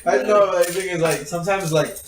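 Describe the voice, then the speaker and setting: A man's voice: high-pitched, steady tone, quick pace, over music. A young man in casual podcast chat, talking loosely and swearing casually. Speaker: podcast co-host. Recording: echoey room, far, noisy.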